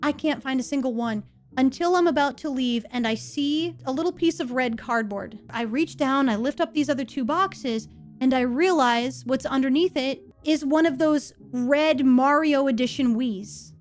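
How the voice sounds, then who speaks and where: High-voiced, animated woman storyteller. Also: moderate pace, soft background music. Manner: animated, expressive. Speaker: streamer telling a story. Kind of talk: comedic storytime.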